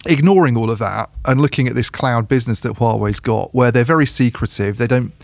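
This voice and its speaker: Man, mid-pitched, casual podcast chat, halting restarts, dry close sound. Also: gravelly, no echo. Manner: thinking aloud with frequent restarts and repeated words. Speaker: tech journalist co-host.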